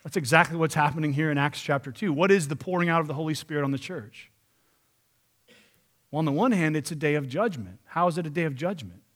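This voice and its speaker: High-voiced man preaching with animated emphasis. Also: fast talker. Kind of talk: sermon.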